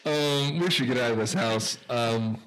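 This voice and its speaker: A man's voice: medium pitch, a little slow, a bit bright, a little hiss or hum, low-quality recording. A man co-hosting a casual movie commentary podcast, ranting with profanity. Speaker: podcast co-host.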